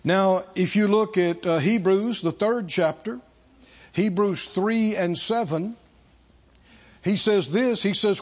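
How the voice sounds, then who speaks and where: A high, light-voiced man preaching in an unhurried, deliberate way. He pulls the congregation into call-and-response and leans hard on repeated words. The recording sounds muffled and lo-fi. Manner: emphatic call-and-response, drawn-out repeated phrases. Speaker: pastor. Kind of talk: sermon. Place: church service with congregation.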